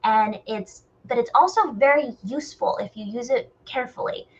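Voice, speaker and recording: A woman in a candid group discussion, talking bluntly and animatedly and questioning herself out loud. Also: a little high, moderate pace, muffled recording.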